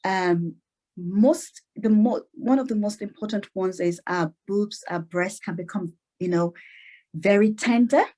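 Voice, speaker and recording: A woman clinician, a guest on the show, explaining in a lively way, laughing often and acting out little quotes. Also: mid-range voice, a little slow. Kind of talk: explaining in an interview.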